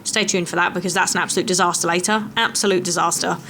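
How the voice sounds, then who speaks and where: A woman's voice: on the low side, fairly even intonation, quick pace, bright, forceful tone, a little hiss or hum. A young woman vlogging a hiking trip, chatting casually and poking fun at herself. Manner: chatty, self-mocking. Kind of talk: casual travel vlog chat and voice-over.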